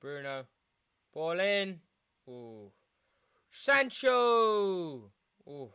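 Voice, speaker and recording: Excitable young fan, clear voice. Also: male voice, high voice, very slow. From South Africa. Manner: excitable fan, shouting at big moments, chanting. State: tired, yawning. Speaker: watchalong streamer. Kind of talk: live football watchalong commentary.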